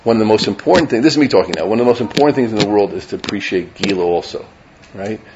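Racing along with lively intonation, a middle-aged rabbi with a lowish voice delivers an informal Torah lecture to listeners in the room. He chats, repeatedly asks "right?", and blends Hebrew and Yiddish into English. Sound is dull, over a noisy background.

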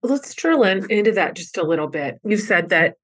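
A woman's voice: mid-range voice, animated, moderate pace. A woman hosting a podcast interview, affirming her guest and asking probing questions. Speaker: podcast host.

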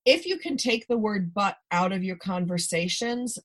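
A woman's voice: medium pitch, animated, moderate pace, poor audio. A woman hosting a parenting talk show, upbeat and affirming as she gives advice and wraps up the conversation. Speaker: podcast host. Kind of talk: radio talk show host.

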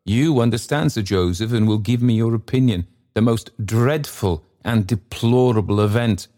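A nervous male secretary speaks in a flustered, urgent voice, put on by a male reader. He is a little higher than the narrator and pushes his words with anxiety. It is a storybook figure. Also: moderate pace, dark tone, natural voice. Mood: agitated.

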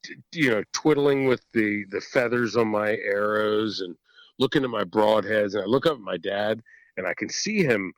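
A man telling a hunting story in a casual podcast chat, animated and swearing freely, often laughing. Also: on the low side, normal speed, no room sound, poor audio. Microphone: podcast microphone.

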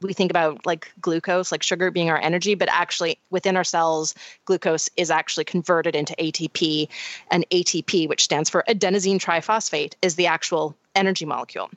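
A woman's voice: on the low side, fairly even intonation, a little fast, no room sound. A woman co-hosting a podcast, explaining science in a casual, chatty way with frequent restarts. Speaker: podcast co-host.

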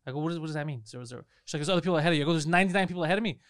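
A man rattling off a story at a fast clip, his voice smooth and clear and fairly high for a man. He swears freely and acts out both sides of the argument. The recording is dry and close-miked, as in a studio. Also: no echo. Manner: animated, profane storyteller acting out dialogue. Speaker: podcast co-host. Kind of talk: casual storytelling.

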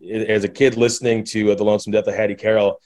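Low-voiced male podcast host asking halting questions. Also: level tone, a little mellow. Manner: hesitant, halting questions with many fillers. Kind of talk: conversational interview.

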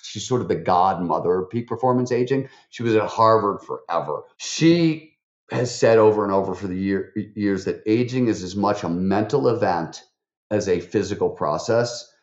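A man, a podcast guest, tells stories in an animated way, with lots of fillers and restarts. His voice jumps up when he quotes people. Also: on the low side, moderate pace. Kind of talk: animated interview storytelling. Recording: roomy, slightly dull recording.

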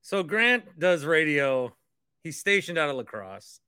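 A man's voice: a little high, sing-song, a little slow, sharp tone, smooth, dry recording. A man hosting a casual podcast and rambling with joking asides, recorded close on a studio mic. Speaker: podcast host, former radio host.

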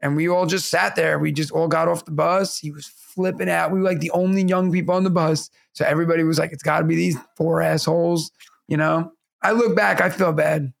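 Casual podcast guy, highish gravelly voice, laughs while telling stories. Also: brisk, hardly any pauses. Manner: laughing storyteller, animated anecdotes. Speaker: podcast co-host. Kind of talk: casual chat.

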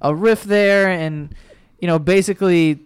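A man's voice: high-pitched, a little slow, smooth, no echo. A man, bantering loosely and profanely in a casual podcast chat.

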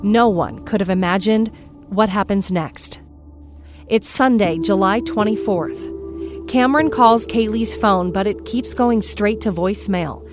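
A woman host giving measured, suspenseful scripted narration of a true-crime story. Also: mid-range voice. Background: soft music bed.

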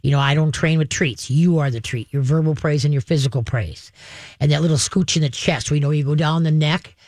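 A woman's voice: sits low, brisk, a little mellow, dry recording. A woman working as a dog trainer and host, giving advice to callers in an emphatic, chatty way. She laughs often and keeps checking in with "okay?". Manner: laughs often while explaining. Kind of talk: call-in advice show.

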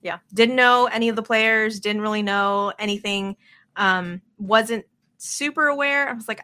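A woman's voice: medium pitch, moderate pace, sharp tone. A woman in her thirties from Las Vegas, a podcast guest telling a casual, self-deprecating story.

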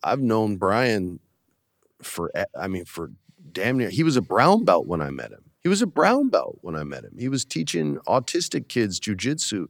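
A man in his forties, a guest on an interview show, talking casually and telling animated stories that act out the voices of the people in them. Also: lowish voice, moderate pace, dry recording, clean studio sound. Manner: animated storyteller, acts out quotes. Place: studio in Hollywood.

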